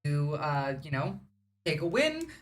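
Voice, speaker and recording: A woman's voice: low voice, very animated, unhurried, soft background music. A woman from the United States hosting a livestream, giving rambling, sarcastic political commentary. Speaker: livestream host.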